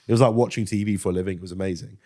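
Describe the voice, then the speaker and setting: A man's voice: deep voice, steady tone, racing, darkish tone. A man from Britain in his thirties, a guest on a casual podcast interview, telling stories animatedly, swearing freely and slipping into impressions. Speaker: guest actor and comedian.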